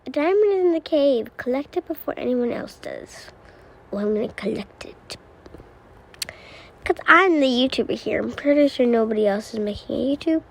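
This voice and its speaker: A woman giving excitable gameplay commentary as a YouTuber, often exclaiming. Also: sits high, moderate pace, vocal fry. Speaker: gaming YouTuber.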